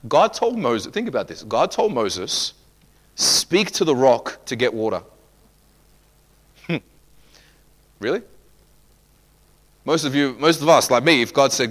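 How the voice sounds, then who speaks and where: A man's voice: mid-range voice, very animated, slow, pauses often, a bit bright. A man preaching a sermon as pastor, emphatic, acting out quoted people in asides.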